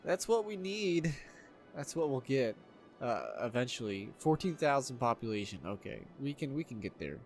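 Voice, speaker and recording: Excitable man commentating his city-builder game. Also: mid-range voice, normal speed, faint music behind. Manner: excitable, swears freely, laughs often. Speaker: gameplay video host. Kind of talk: casual let's-play commentary.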